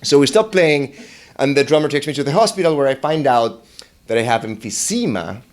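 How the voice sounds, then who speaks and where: A young man telling a personal story, wry and self-mocking, jumping into high, excited voices when he quotes himself. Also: a little fast. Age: young adult.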